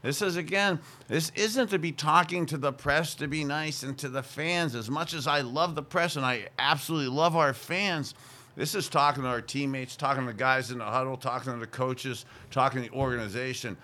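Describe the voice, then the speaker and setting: A man's voice: medium pitch, fairly quick, pushed and bright. A middle-aged man hosting a sports show, talking football in an emphatic, rambling way. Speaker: show host, former quarterback. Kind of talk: casual sports talk.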